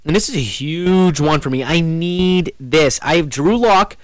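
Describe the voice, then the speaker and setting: A man hosting a casual sports podcast, talking in an animated way with quick swings in pitch. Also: no room sound. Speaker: podcast host.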